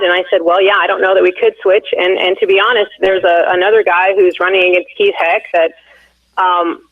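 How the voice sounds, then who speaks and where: On a call-in interview, the candidate's wife, in her forties, tells a long, casual story that rambles along with many fillers and restarts. Her voice is on the low side, carried by a tinny telephone line, and the recording is dry.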